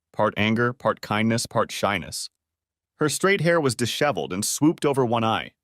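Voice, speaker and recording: A man narrating a family drama story in a steady, scripted storytelling voice. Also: on the low side, no echo, clean studio sound.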